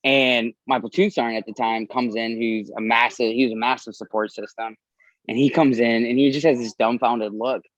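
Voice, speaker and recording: Man, 30s, veteran, candid storytelling, swears freely, middle pitch, dry dull recording. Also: fairly even intonation, moderate pace, no room sound. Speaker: army veteran guest. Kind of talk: personal storytelling in a podcast interview.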